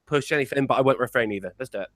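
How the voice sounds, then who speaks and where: A man's voice: mid-range voice, very fast, no echo, studio quality. An English man, a guest on a live podcast, bantering brashly with lots of swearing and laughter. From England. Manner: brash, profane, laughing often.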